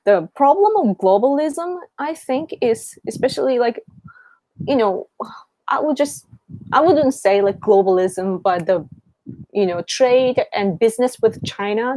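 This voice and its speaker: A woman's voice: on the high side, a little mellow, dry recording. A Japanese woman in her thirties, a native Japanese speaker talking English with a Japanese accent, hosts a casual live Q&A chat and rambles as she searches for her words. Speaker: live-stream host.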